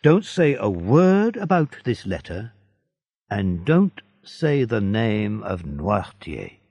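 Stern, secretive judge giving commands in a slow, gravelly voice, voiced by a male reader. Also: on the low side, very animated, darkish tone, no room sound, lo-fi sound, heavily acted. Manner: commanding, clipped orders.

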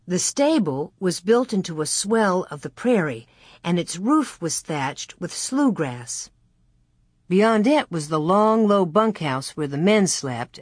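An audiobook narrator reading a story in a slow, measured storytelling manner into a close studio mic. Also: medium pitch, dry recording. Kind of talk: scripted narration.

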